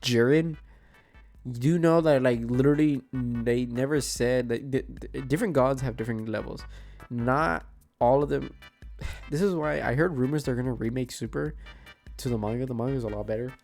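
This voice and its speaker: A man's voice: mid-range voice, normal speed, creaky, darkish tone, faint music behind. A sick man with a stuffed nose gives a profane, exasperated gaming rant and keeps asking rhetorical questions. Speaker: gaming commentator. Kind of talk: ranting reaction commentary.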